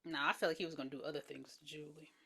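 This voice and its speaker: A woman's voice: low voice, fairly even intonation, fast, gravelly, fairly bright tone, slightly rough. A woman co-hosting a podcast, chatting and laughing as she retells a movie scene with asides. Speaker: podcast co-host. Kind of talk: casual chat recapping a movie.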